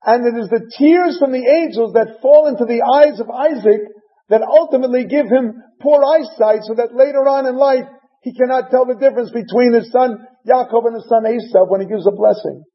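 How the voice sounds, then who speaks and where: A man's voice: very high voice, a little fast. A man preaching a sermon, retelling scripture as a story and mixing in Hebrew terms. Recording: dull lo-fi recording.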